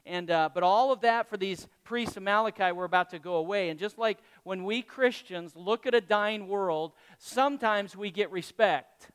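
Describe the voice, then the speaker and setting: High-voiced pastor preaching in a hall. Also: male voice, normal speed, few pauses, fairly bright tone, clear, resonant tone. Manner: conversational preaching with questions to the congregation. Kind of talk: sermon. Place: church hall with congregation.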